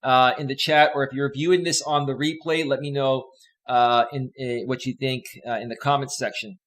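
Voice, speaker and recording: A man's voice: medium pitch, fairly even intonation, moderate pace, fairly bright tone. A man hosting a casual live stream, chatting with viewers in a rambling, upbeat way from a home green-screen setup with a desk microphone. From Northern California. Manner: rambling, chatty, reads viewer comments aloud. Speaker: host.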